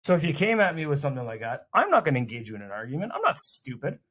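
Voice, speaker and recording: Fast-talking animated man on a podcast. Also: fairly high pitch, breathy edge. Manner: animated, fast, acts out quoted lines. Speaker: podcast co-host. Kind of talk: casual podcast chat.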